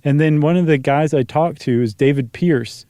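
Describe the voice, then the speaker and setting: A man's voice: on the high side, normal speed, dark tone, no echo, clean studio sound. A man co-hosting a podcast in a casual, rambling conversational way with fillers. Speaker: podcast co-host. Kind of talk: casual chat.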